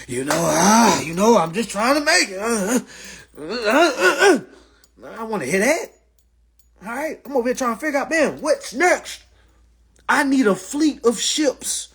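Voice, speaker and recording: A man ranting casually and profanely on a phone livestream, animated and loud. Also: very high-pitched, breathy edge. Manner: animated, profane, mimics others' voices. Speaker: livestream host.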